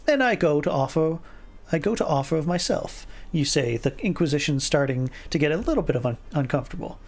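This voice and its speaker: Gravelly man reading a text game aloud. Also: fairly high pitch, lively intonation, a little fast, a little mellow. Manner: stumbles and rereads words, chuckles, puts on voices for lines. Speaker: streamer reading an interactive fiction game.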